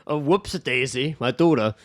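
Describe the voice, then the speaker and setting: A man's voice: mid-range voice, moderate pace. A man co-hosting a podcast, swearing freely and joking in casual banter. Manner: animated, sweary, jokey banter. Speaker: podcast co-host. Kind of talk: casual chat.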